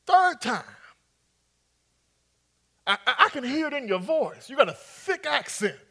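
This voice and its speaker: A man's voice: very high voice, big pitch swings, unhurried, gravelly, sharp tone, husky. A man preaching a sermon, acting out scripture scenes and coaxing his congregation to respond. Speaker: pastor.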